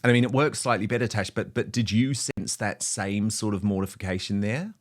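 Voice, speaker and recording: A man hosting an opinion talk show, speaking in a mocking, animated way with stammered restarts. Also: lowish voice, brisk. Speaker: host.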